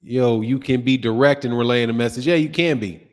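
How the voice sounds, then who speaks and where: A man's voice: medium pitch, a little fast, big-room sound. A man hosting a boxing talk show, chatting casually and telling stories with frequent laughter and swearing. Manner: animated storytelling, laughs often, swears casually. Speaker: boxing channel host. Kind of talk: casual livestream chat reading comments.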